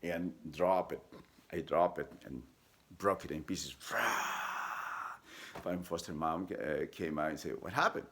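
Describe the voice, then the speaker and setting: A vlogger with a deep, gravelly voice recounts his own life story in a personal storytelling style. His speech is halting, full of fillers and restarts, and he shifts into high, lively voices when quoting others.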